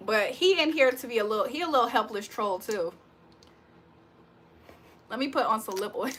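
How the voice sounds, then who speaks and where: Woman livestream host, high and bright, roasts her chat, breaks into loud laughter. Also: normal speed, long pauses, slight background noise. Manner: trash-talking, laughs loudly. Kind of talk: casual live chat.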